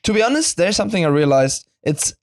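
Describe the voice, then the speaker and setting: A man's voice: high-pitched, big pitch swings, fast, no echo, studio quality. A young man co-hosting a podcast, chatting casually in a playful, teasing way. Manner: playful, teasing, laughs often. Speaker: podcast co-host. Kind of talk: casual chat.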